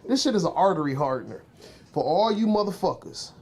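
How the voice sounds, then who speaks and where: A man's voice: on the high side, animated, fairly quick, a little mellow. A man co-hosting a podcast, explaining and warning emphatically in profane casual chat. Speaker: podcast co-host.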